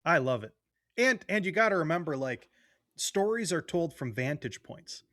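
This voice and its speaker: A man's voice: a little high, big pitch swings, moderate pace, bright, forceful tone, no room sound, studio quality. A man hosting a casual interview, enthusiastic and conversational, reading out viewer questions. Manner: enthusiastic, conversational, uses fillers like "like". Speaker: interview host.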